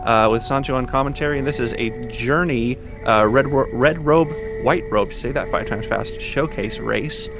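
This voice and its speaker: A man's voice: medium pitch, moderate pace, gravelly, few pauses, over music. A man hosting a live stream, talking casually and hesitantly as he sorts out the audio setup. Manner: hesitant, troubleshooting aloud. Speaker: stream host.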